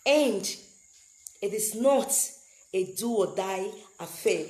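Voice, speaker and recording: A woman's voice: mid-range voice, animated, takes it slowly, mellow, reverberant. A woman speaking earnestly to her fans, repeating phrases for emphasis. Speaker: vlogger addressing fans. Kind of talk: emotional direct-to-camera address.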